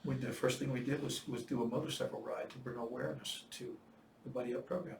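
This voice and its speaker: A man in his seventies telling war-veteran stories in casual chat, profane and animated. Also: medium pitch, quick pace, creaky, echoey room, far from the mic, slight background noise. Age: 70s. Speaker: veteran storyteller.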